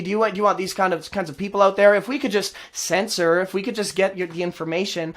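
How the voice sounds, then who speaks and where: A man hosts his own show and rants at length, his voice sitting high for a man. He swings between sarcasm and mockery as he gets more and more worked up. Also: steady tone, a little fast, few pauses, fairly bright tone. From Canada. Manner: sarcastic, heated, mocking. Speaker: host. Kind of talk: ranting political commentary.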